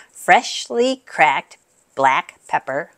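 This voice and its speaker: Woman cooking-channel host, slightly low voice, casual kitchen demo, friendly, talks to camera, murmurs "mm" while tasting. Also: sing-song, very slow, fairly bright tone. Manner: chatty, talks straight to viewers; savoring, with appreciative murmurs.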